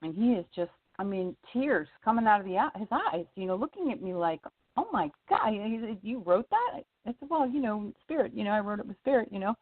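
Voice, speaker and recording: A woman, a singer-songwriter guest, telling a personal story in lively casual chat, leaping up in pitch for quoted voices and laughing often. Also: fast talker, hardly any pauses, dry recording. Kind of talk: casual storytelling on a radio interview. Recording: tinny phone line, dry.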